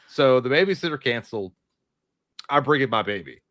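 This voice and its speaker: A man's voice: medium pitch, lively intonation, fairly quick, fairly bright tone, dry recording, studio quality. A man co-hosting a live movie talk stream, joking, swearing and reading viewer messages aloud. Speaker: podcast co-host. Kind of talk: casual live-stream chat.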